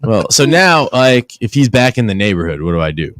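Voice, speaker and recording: Low-voiced male co-host, sheepish storyteller, dry close mic. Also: big pitch swings, a little fast, fairly bright tone, no echo. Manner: sheepish, self-deprecating. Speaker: podcast co-host. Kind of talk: casual storytelling.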